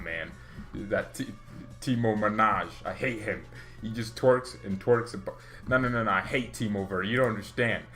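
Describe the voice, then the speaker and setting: A man's voice: mid-range voice, fairly bright tone. A man hosting his own fan channel, ranting heatedly in a casual way with an exasperated manner and bursts of laughter. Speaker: football fan channel host.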